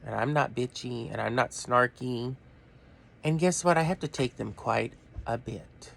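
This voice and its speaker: A man's voice: mid-range voice, unhurried, gravelly, fairly bright tone. A middle-aged man ranting to camera in a blunt, profane way that keeps drifting off topic. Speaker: vlogger. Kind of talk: rambling rant to camera.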